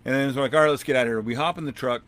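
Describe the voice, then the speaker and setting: A man hosting a podcast, telling a long outdoor story in a rambling, animated way and acting out what people said. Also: mid-range voice, very fast. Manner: rambling, animated, acts out quotes. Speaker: podcast host. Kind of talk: casual storytelling.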